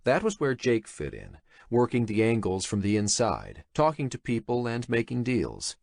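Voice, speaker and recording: A man narrating an audiobook in a dramatic, expressive reading style. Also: medium pitch, normal speed, vocal fry, no echo, clean studio sound. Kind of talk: scripted narration.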